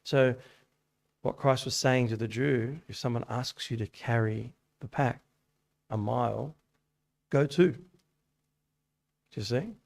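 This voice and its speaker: Gravelly man preaching casually. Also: medium pitch, slow pace, pauses often. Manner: conversational, anecdotal, rhetorical questions. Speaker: youth meeting speaker. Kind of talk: casual sermon to young people. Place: church hall.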